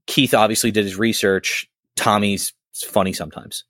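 Rambling, animated man chatting casually. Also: lowish voice, normal speed, no echo, clean studio sound. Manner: rambling, animated, swears freely. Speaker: former podcast co-host. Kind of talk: casual chat.

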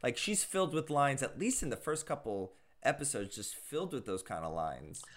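A man's voice: mid-range voice, very animated, normal speed, fairly bright tone. Chatty man co-hosting a TV recap. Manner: chatty and loose, heavy use of "like", acts out quoted lines. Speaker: podcast co-host. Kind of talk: casual review chat.

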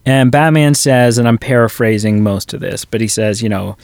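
A man's voice: medium pitch, moderate pace, gravelly, few pauses, a little mellow, clean tone, dry recording. A man co-hosting a podcast, chatting casually about a film and retelling scenes with quoted lines. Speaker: podcast co-host. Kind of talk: casual movie review chat.

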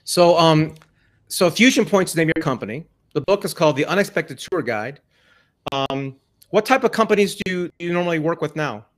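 A man with a fairly high voice hosts a casual sales interview. He asks his questions with many ums and pauses. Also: lively intonation. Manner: hesitant, many ums when asking questions. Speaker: podcast host.

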